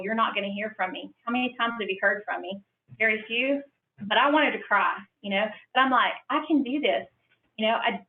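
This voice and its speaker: A middle-aged woman speaks earnestly and emotionally, acting out the quoted lines of her story. She is heard from far off in a roomy hall, with a narrow, phone-like sound and faint hiss. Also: a little high. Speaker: franchise owner speaking at a business conference. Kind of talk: personal testimony talk.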